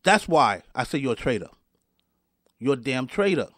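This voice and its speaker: A man hosting a show, with a medium-pitched, sing-song and fairly bright voice at normal speed, angrily rants at his listeners, restarting and repeating words as he goes. The studio-quality recording has no room sound.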